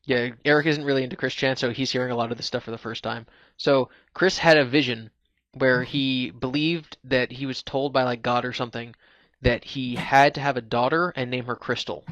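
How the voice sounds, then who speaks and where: A man's voice: medium pitch, fairly even intonation, fairly quick, a bit bright, no echo, lo-fi sound. A man hosting a casual live stream, explaining at length with lots of "like"s and restarts. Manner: chatty, explains at length with many "like"s. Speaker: podcast host.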